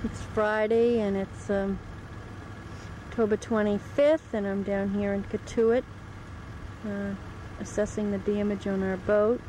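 A woman's voice: mid-range voice, little pitch movement, unhurried, warm tone, a little hiss or hum, low-quality recording. A woman speaking matter-of-factly, chatting with friends and narrating a home video by a harbor. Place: outdoors by a harbor.

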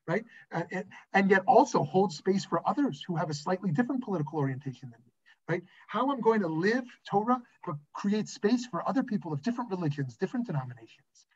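A man's voice: high-pitched, breathy edge. A rabbi teaching a class over a video call, speaking animatedly and often asking "right?" as he goes. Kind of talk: conversational online lesson with anecdotes. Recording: dull lo-fi video call audio.

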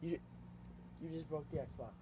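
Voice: medium pitch, normal speed, a crowd in the background. A teenager mocking a friend's gaming bluntly during a casual home video. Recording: very noisy home recording.

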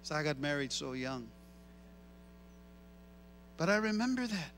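A middle-aged male pastor preaching an animated sermon, switching between two languages and repeating phrases for emphasis. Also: a little high, a little slow, a little hiss or hum. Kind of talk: bilingual sermon.

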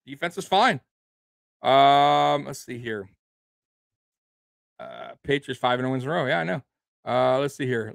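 A man's voice: on the high side, a bit bright, dry recording. A man hosting a sports show, ranting angrily about his team with lots of swearing, repeating himself and tacking "man" and "bro" onto his lines. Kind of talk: angry sports rant.

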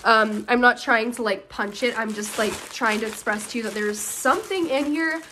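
An American woman in her early twenties, a YouTuber, opens fan mail and reads it aloud in a casual vlog, bubbly and gushing. Her voice is a little high at a normal speed, with background noise.

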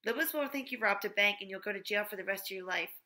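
A woman's voice: medium pitch, quick pace, bright, forceful tone, natural voice. Joy, a woman voicing a pushy, scheming schoolgirl. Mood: warning. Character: scheming, greedy young schoolgirl.

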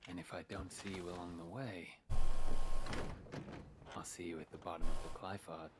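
An actor playing a mysterious, poetic young man in a game cutscene, speaking in a hushed, breathy, formal way. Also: sits low, level tone, heavy background noise, close to an everyday voice. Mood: cryptic. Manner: slow, measured, formal. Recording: game score playing loudly underneath.

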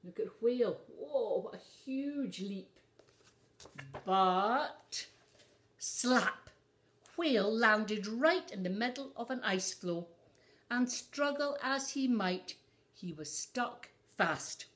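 A woman's voice: fairly high pitch, lively intonation, slow, a bit bright. A woman reading a picture book aloud to children, adding asides for young listeners. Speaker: storyteller.

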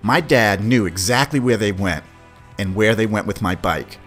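A middle-aged man, hosting a podcast and telling a story from his childhood in a casual, animated way, swearing freely. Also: on the low side, normal speed. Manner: animated, swears, acts out quoted voices. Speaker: podcast host. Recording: faint music behind.

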